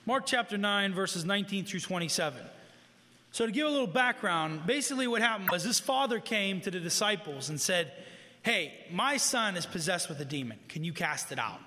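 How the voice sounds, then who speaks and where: A man delivers an earnest sermon in a high, bright voice, talking plainly to the people in front of him. He drives points home by repeating them. His voice carries a long hall reverb. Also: animated, brisk. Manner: earnest, conversational preaching with repetition. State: living with heart disease, tires easily. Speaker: preacher. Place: room with an audience.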